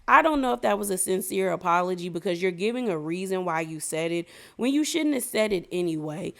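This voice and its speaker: A woman's voice: medium pitch, fairly quick, creaky, few pauses. A woman recapping a reality show in a casual, opinionated, slangy way, talking straight to her viewers. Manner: gossipy, opinionated, slangy, addresses viewers directly.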